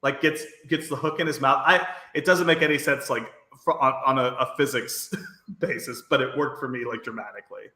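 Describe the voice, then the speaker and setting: A man's voice: mid-range voice, brisk, pushed and bright, reverberant. A man with a faint Brooklyn accent, co-hosting a podcast and recapping an episode in a rambling, filler-heavy casual chat. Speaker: podcast co-host.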